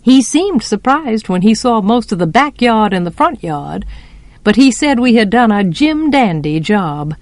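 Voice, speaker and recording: Slow expressive lady reading a storybook, voice a bit high. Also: no room sound. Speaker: audiobook narrator. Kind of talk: storybook narration.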